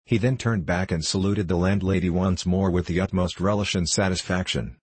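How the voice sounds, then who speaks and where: A man narrating an audiobook in an even, measured reading. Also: low-pitched, slightly rough, dry recording.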